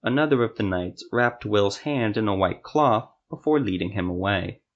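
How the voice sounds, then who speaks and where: A man narrating a scripted fantasy story for a podcast in a steady, even storytelling manner. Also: on the low side, normal speed, lo-fi sound.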